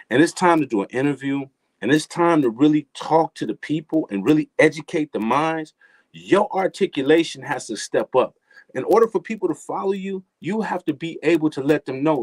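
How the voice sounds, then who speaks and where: A man's voice: fairly high pitch, dry recording. A middle-aged man talking casually as a guest, giving emphatic, preachy advice in street slang and repeating phrases for effect. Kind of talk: casual motivational talk.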